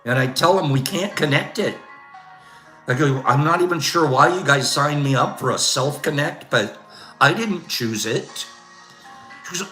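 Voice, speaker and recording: An older man runs a casual livestream, rambling through complaint stories with frequent laughter and his habitual "Okay?". His voice is a little high, expressive, pushed and bright, a little slow, heard in a roomy space with soft music playing.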